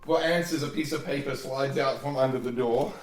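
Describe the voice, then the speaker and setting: A man narrating as dungeon master, with a relaxed, loose delivery full of fillers. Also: medium pitch, fairly quick, roomy sound, recorded from a distance, soft background music. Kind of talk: narrating a tabletop game.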